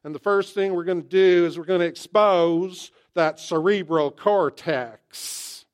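A man's voice: high voice, a little slow, clear, resonant tone, voice pushed up. A man putting on a hearty Southern surgeon. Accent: Southern US, put on. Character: folksy deep-south male surgeon, cheerful and loud.

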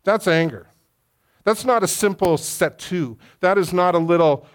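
A man's voice: fairly high pitch, lively intonation, moderate pace. A middle-aged male pastor reading scripture aloud and then preaching a sermon that builds to impassioned emphasis. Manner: reads scripture then preaches with rising intensity.

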